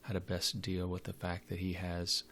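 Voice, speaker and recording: A man's voice: low voice, completely flat delivery, normal speed, a bit bright, slight background noise. A man giving a literature lecture, hesitant and full of fillers and restarts. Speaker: literature teacher.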